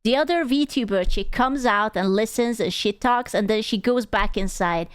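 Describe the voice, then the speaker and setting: Young woman, streamer, animated reaction talk, fairly high voice, dry close sound. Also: clear, resonant tone, dry recording. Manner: animated, exclaiming, quick asides. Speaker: VTuber streamer. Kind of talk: casual reaction commentary.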